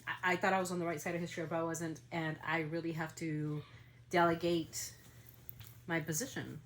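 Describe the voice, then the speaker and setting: A woman's voice: low-pitched, flat delivery, brisk, slight background noise. A woman hosting a family podcast in a casual monologue, heated and indignant, swearing as she talks about being upset. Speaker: podcast host.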